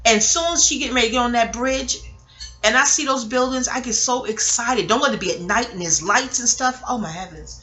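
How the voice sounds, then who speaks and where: A woman's voice: a little high, fairly quick. A woman from Queens, delivering a rambling, digressive and emotional monologue about a film. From New York, Queens. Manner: digressive, emotional, expressive, swears casually. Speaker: vlogger reviewing a film. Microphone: audio-only recording.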